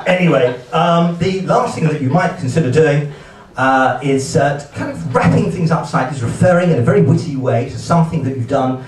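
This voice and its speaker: A man doing a stand-up set at a live gig, talking in a hesitant, halting way with many fillers and restarts. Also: high voice. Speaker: stand-up comedian. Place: comedy venue, heard from the hall with a laughing audience. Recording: echoey hall, distant mic, audience laughter.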